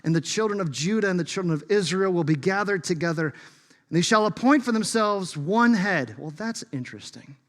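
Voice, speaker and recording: A man preaching a sermon as pastor, emphatic and shifting between loud bursts and hushed asides. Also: high voice, animated, brisk. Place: church sanctuary. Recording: long reverb of a large hall.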